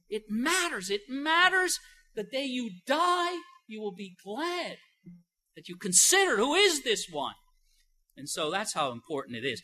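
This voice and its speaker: A man preaching a sermon as pastor, emphatic, with many rhetorical questions and "you know" fillers, moving between soft and loud emphasis. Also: very high-pitched, animated, moderate pace, poor audio.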